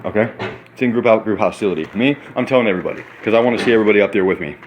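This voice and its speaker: A man in his thirties, excitable and rambling in a casual vlog monologue, sometimes talking while eating in a hotel room. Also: fairly low pitch, racing, background noise. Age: 30s. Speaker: vlogger.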